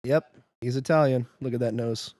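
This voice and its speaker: A man co-hosting a podcast, reacting excitedly to a film as it plays in a commentary track and laughing often. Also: mid-range voice, normal speed, dry recording. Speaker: podcast co-host.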